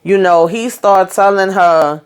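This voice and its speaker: A woman's voice: medium pitch, a little slow, smooth. A woman casually recapping a TV drama episode, retelling scenes as quoted dialogue with salty slang. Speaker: YouTube recap host.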